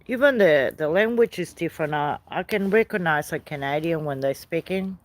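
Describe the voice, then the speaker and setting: A woman's voice: sits low, moderate pace. A woman hosting a casual live stream outdoors by a night fire, chatting with viewers, greeting them by name and laughing often. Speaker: livestream host.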